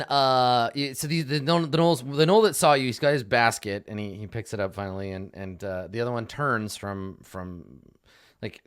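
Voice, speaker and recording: A man's voice: on the low side, a bit bright, clean tone, no room sound, clean studio sound. Young man running a tabletop game. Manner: rambling, many restarts, explains rules. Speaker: game master.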